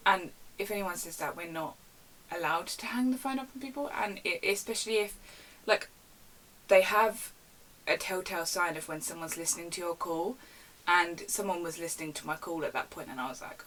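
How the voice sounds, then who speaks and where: A young woman rants casually on her vlog, retelling customer service stories in a chatty, animated way from her bedroom at home. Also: on the low side, normal speed, far from the mic, slight background noise, low-quality recording. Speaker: vlogger. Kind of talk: casual storytime rant.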